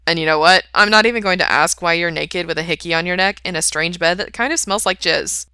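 A woman voicing a brash young man who talks loudly and teases. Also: on the low side, brisk, clean tone, no echo, clean studio sound. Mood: teasing. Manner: loud and teasing.

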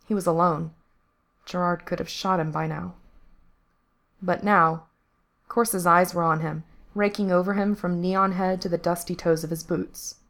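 A woman reading fiction aloud in a steady, even narration. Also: lowish voice. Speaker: story reader. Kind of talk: audiobook-style fiction reading.

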